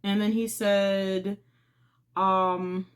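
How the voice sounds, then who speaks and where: A woman's voice: mid-range voice, flat delivery, very slow, smooth. Chatty woman recapping a movie. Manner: chatty, informal, retells scenes by acting out lines. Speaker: movie reviewer and channel host.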